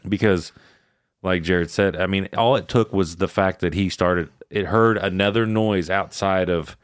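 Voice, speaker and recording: A man's voice: sits low, unhurried, smooth, dry recording, clean studio sound. A man hosting a podcast, retelling eerie camping stories in loose, casual, profane talk. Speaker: podcast host. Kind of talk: casual storytelling chat.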